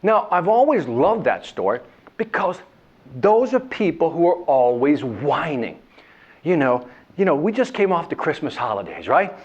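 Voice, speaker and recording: A man's voice: on the high side, moderate pace, husky. A man giving a motivational sales talk, telling a story and acting out whining voices along the way. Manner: animated, acts out whining voices and characters. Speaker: sales trainer. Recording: dull lo-fi sound.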